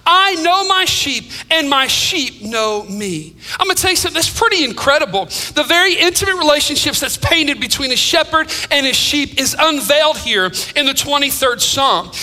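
A male pastor preaches to his congregation, his voice very high and piercingly bright. He rises in emphasis and then falls to near-whispers with a sing-song lilt, and the sound rings with a long reverb. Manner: dynamic preaching, drops to hushed tones, sing-song phrasing. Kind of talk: sermon. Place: church sanctuary.

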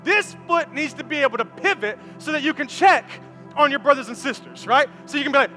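A man preaching a lively, conversational sermon in a church, joking with the congregation and demonstrating on stage. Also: very high-pitched, a little fast, in a large hall, soft background music. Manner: animated, conversational, repeats words, jokes with congregation. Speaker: pastor.

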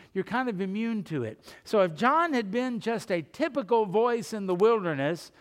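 A man's voice: high voice, in a large hall. A man preaching a sermon as pastor, telling stories in a folksy, conversational way. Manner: folksy storytelling with asides.

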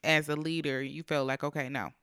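A woman with a smooth, clear voice talks casually and adds details to a shared story. Her voice sounds close and dry, with no room echo. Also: low-pitched, steady tone, a little fast, a bit bright. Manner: chimes in with frequent affirmations, adds details. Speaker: wife and co-speaker. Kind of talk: casual conversation.

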